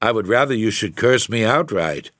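A man's voice: lowish voice, expressive, normal speed, fairly bright tone, no echo, studio quality, pitched above the performer's own voice. A man voicing a proud, spirited young woman in a gothic story reading. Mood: defiant.

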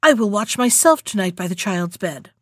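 A woman's voice: mid-range voice, lively intonation, moderate pace, fairly bright tone, no room sound, studio quality. A woman voicing a loving young king who speaks out in emphatic exclamations in a storybook reading. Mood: startled.

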